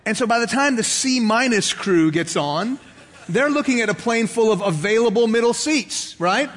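A pastor preaching a sermon, telling a story and acting out the voices of people in it, with conversational asides to the congregation. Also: male voice, sits high, a bit bright. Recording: long hall reverb.

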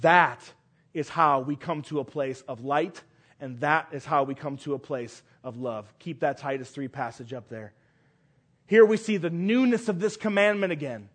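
A male pastor preaching a sermon, stressing phrases by repeating them and swinging between loud declarations and hushed lines. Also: a little high, moderate pace.

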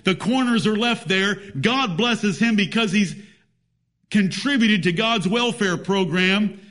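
A man's voice: high voice, unhurried, a bit bright. A man preaching a sermon, emphatic, reading scripture in old-fashioned biblical wording.

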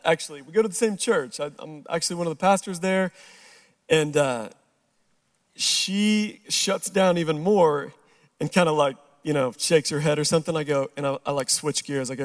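A middle-aged male pastor giving a sermon, telling a personal story and acting out the dialogue, dropping quiet and slow for the serious moments. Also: on the high side.

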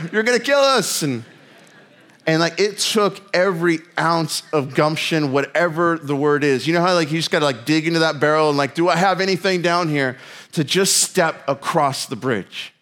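A pastor preaching a sermon in a casual, storytelling way, with self-mocking humor and lots of filler words. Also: male voice, fairly high pitch, a bit bright.

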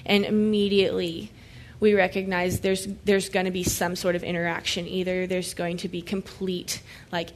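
A woman of ordinary middle pitch leads a Bible study, reading scripture aloud and unpacking it in plain conversational talk. Now and then she slips into lively everyday voices to paraphrase the people in the story. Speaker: Bible teacher.

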